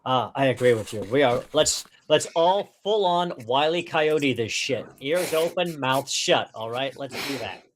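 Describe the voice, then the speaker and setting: A man playing a tabletop game, laying out plans in a halting way with many fillers. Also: medium pitch, animated, a little hiss or hum. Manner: hesitant, halting planning with fillers. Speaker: player. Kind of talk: casual tabletop game play.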